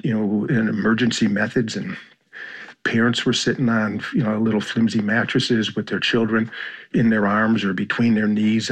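A man with an American accent, a journalist and foreign correspondent, speaking thoughtfully in an interview with frequent pauses and restarts. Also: on the low side, husky. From United States. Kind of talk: reflective interview storytelling.

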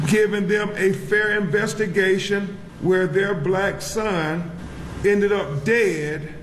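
A man at a news conference speaks slowly and emphatically in a high voice. The room is echoey and faint ambience sits behind him. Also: steady tone, a little hiss or hum. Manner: slow, deliberate, emphatic. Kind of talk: press conference statement.

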